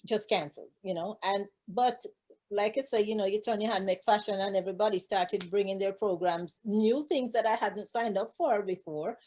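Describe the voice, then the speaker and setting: A woman's voice: mid-range voice, normal speed, a little mellow. A woman recording artist chatting casually as an interview guest, talking freely with many fillers. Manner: chatty, frequent fillers and restarts. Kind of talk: casual conversation.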